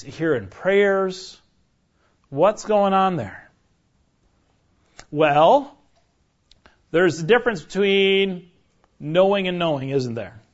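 A man teaching a conversational sermon, asking his listeners questions and checking in with "right?" as he goes. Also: high-pitched. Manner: chatty, keeps asking the room "right?". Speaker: pastor teaching a Bible study. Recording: dull lo-fi recording.

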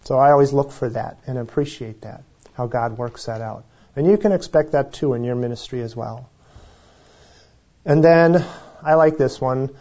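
Mellow-voiced man leading Bible study. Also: medium pitch, normal speed. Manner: conversational, self-correcting, chuckles. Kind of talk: informal Bible teaching. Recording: dull lo-fi recording.

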